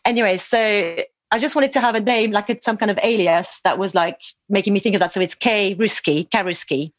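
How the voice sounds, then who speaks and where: A woman's voice: mid-range voice, a little fast, no echo. A woman in her forties, from France, chatting as a podcast guest. She laughs often and restarts her sentences as she talks. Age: 40s. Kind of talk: casual conversation.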